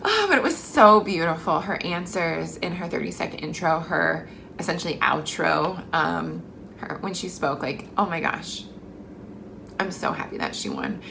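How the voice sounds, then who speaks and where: A woman's voice: fairly low pitch, expressive, moderate pace, creaky, pushed and bright, a little hiss or hum. A young woman vlogging to camera in a chatty, effusive way, full of fillers. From Mexican heritage. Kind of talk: casual chat to camera.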